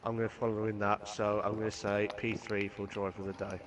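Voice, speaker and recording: A man's voice: fairly low pitch, level tone, a little fast. A man talks through a sim race on a live stream. He rambles and restarts his sentences, enthusiastic about the racing, speaking into a headset mic. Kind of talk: casual live stream commentary.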